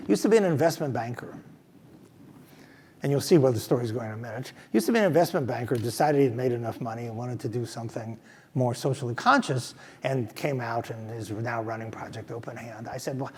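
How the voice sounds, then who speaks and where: A man's voice: mid-range voice, warm tone, husky, big-room sound. An older man, a professor, speaking in a fireside chat, thoughtful and emphatic, often restarting his sentences. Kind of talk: fireside chat, answering a question. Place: stage at a business school event.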